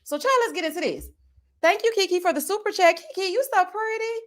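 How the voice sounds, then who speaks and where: A woman giving sassy, animated live-stream commentary on a reality show. She keeps calling her viewers honey and child. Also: very high voice, fairly quick. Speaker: YouTube reality-show reviewer.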